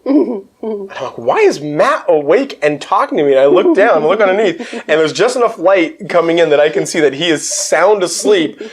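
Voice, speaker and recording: Male host, animated storyteller, laughs often, lively swinging pitch. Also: moderate pace. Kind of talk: casual storytelling chat.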